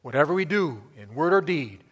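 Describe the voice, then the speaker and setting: A man preaching a sermon as pastor, emphatic, building his repeated lists up to loud peaks. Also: on the high side, very animated, a little fast, husky, big-room sound.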